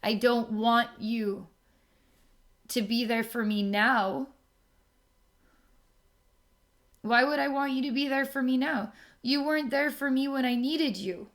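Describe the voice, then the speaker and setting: A woman's voice: fairly high pitch, a little slow, pitched above the performer's own voice. A woman voicing a hurt soul crying out in blame. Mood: hurt, accusing. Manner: raised, pained, accusing. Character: deeply hurt person lashing out at absent guides.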